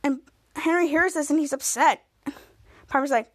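A woman hosting a podcast, chatting through a TV episode in a loose, rambling way that strings one event onto the next. Her voice is very high, and the sound is dry and close. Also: moderate pace, no echo. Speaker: podcast host. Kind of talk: casual episode recap.

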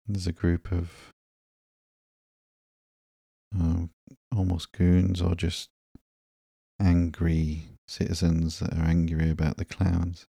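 A man hosting a podcast, narrating comic books slowly and drowsily in a calm, unhurried way. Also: sits low, vocal fry, slightly rough, dry recording, clean studio sound. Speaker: podcast host. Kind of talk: slow, sleepy comic book narration.

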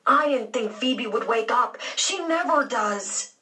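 A woman's voice: a little high, lively intonation, slow pace, pushed and bright, far from the mic, pitched above the performer's own voice, exaggerated voice. A woman voicing a guilty, worried young boy in a storybook reading. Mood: sheepish. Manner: sheepish.

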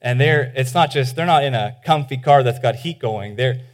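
This pastor's sermon is casual and lively, delivered in a mid-range voice at normal speed. He uses "like" a lot, restarts his sentences, and voices the characters in the stories he tells.

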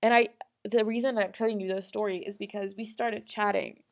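A woman's voice: mid-range voice, fairly even intonation, brisk, gravelly. A young woman talking casually and earnestly to her audience, rambling with restarts and small laughs. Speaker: vlogger. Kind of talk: casual personal monologue.

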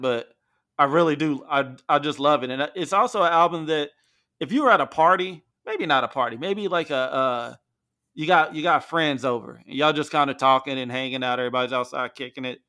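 A man's voice: fairly high pitch, a little fast, pushed and bright. A man co-hosting a podcast in casual, profane, joking chat about music. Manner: profane, laid-back and joking. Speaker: podcast co-host.

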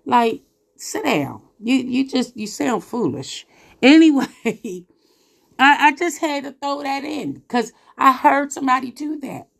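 Female podcast preacher, somewhat high voice, scolding and emphatic delivery. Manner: emphatic, scolding, with drawn-out exclamations and laughs. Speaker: Christian podcast host. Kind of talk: preaching monologue.

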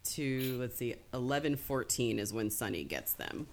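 A woman's voice: rumbling low, expressive, moderate pace. A woman in casual book-club chat, talking things through and laughing often. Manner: chatty, laughs often, acts out quotes.

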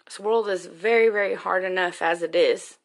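A woman's voice: on the low side, moderate pace, vocal fry. A woman, a single mother, talking candidly and emotionally in a rambling personal monologue, swearing freely.

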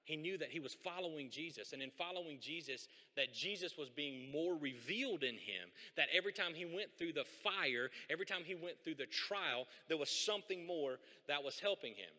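A man preaching a sermon as a pastor, animated and conversational, with folksy asides. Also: fairly high pitch, a little fast, few pauses. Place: church sanctuary. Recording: long hall reverb.

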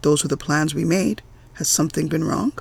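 A man's voice: on the high side, brisk, gravelly, slightly rough, exaggerated voice. A man reading aloud voices a polite, hesitant Scandinavian professor, close to his own voice. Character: shy, nervous Scandinavian male professor.

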